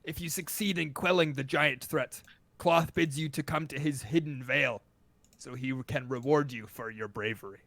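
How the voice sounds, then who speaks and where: A man's voice: mid-range voice, normal speed, creaky, a bit bright, dry recording. A man voicing a formal male dragonborn emissary, proclaiming in a grand, stately way. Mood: solemn.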